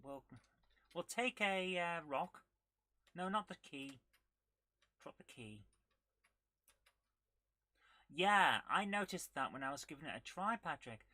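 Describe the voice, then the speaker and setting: A woman's voice: lowish voice, animated, unhurried, bright, forceful tone, no room sound. A woman streaming a retro game live, chatting and thinking aloud as she plays and humming along to the game. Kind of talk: live gameplay commentary.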